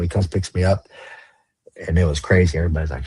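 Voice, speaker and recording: A man's voice: sits low, fairly even intonation, fast talker, darkish tone, husky. A man from the Los Angeles area, a podcast guest telling his story in casual, slang-heavy, profane talk. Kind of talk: storytelling interview.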